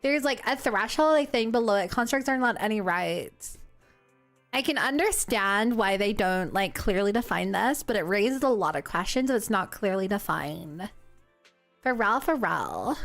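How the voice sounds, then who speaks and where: A woman's voice: mid-range voice, expressive, normal speed, fairly bright tone. A young woman streaming a game, chatting casually and rambling as she reacts to chat. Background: game music.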